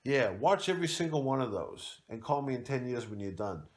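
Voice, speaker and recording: A man's voice: medium pitch, big pitch swings, fairly quick, lightly acted. Raised-voice online crusader ranting like he's at war, a comedian puts him on, echoey room, mic far off. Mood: chummy. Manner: profane, bullying, bombastic war talk. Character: ranting, self-important online free-speech warrior, man. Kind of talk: comedic character sketch.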